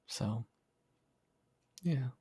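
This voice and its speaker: A young man chatting casually on a livestream, reading comments in a soft, affectionate way and laughing often. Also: very slow, no echo. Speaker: streamer.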